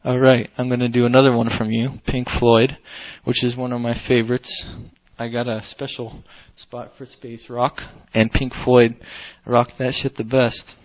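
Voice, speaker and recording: A man's voice: mid-range voice, level tone, normal speed, few pauses, highs cut off. Rambling, profane young man streaming. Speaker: livestream host. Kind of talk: casual livestream chat.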